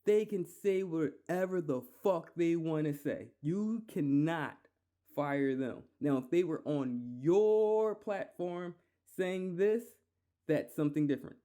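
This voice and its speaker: Philly guy going off on his podcast, swears a lot, repeats himself, mellow voice pitched a bit high. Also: slow pace. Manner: heated, profane, repeats himself. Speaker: podcast host. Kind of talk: solo podcast rant.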